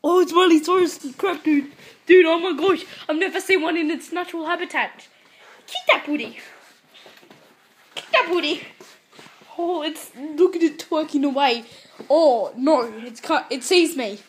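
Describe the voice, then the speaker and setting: A woman vlogging as she jokingly spots animals, excitable, going from hushed to yelling. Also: sits high, normal speed, a little hiss or hum. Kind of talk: joking mock wildlife spotting.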